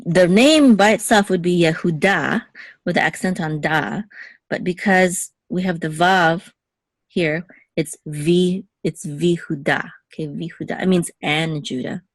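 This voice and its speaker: A woman's voice: lowish voice, a little slow, dry recording. A young adult woman giving a patient one-on-one Hebrew lesson, checking in often with "okay". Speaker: Hebrew teacher.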